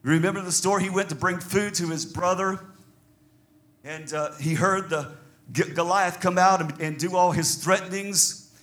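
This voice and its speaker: A man with a Southern American accent, preaching a sermon as pastor in an animated way, chuckling between points. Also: high voice, moderate pace. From Southern United States.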